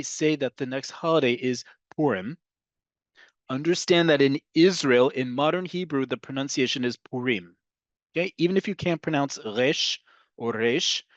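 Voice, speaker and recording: A man with a North American accent teaching a language lesson in a patient, explanatory way, often pausing with fillers. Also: medium pitch, no room sound, dull audio. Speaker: Hebrew teacher.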